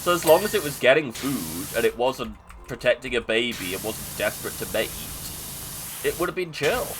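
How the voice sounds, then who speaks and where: A man's voice: medium pitch, very animated, normal speed, noisy background. A British man chatting casually while streaming a game, rambling, joking and muttering to himself as he plays. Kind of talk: casual gameplay chat.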